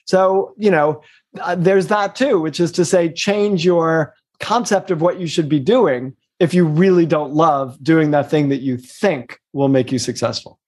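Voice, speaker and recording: High-voiced man, animated coaching talk. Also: unhurried. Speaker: executive coach and guest. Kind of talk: casual interview conversation.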